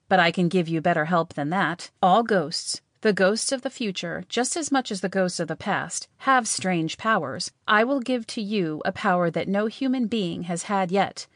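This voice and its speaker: A woman voicing a calm, grave male ghost in an audiobook, speaking in a measured, unhurried way. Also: on the low side, no room sound, lightly acted. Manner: measured, never histrionic, dry. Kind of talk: audiobook reading.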